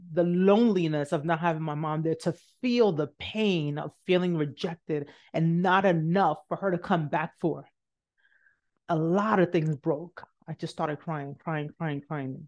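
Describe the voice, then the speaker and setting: A woman podcast host telling an emotional personal story in an earnest, repetitive way. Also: lowish voice.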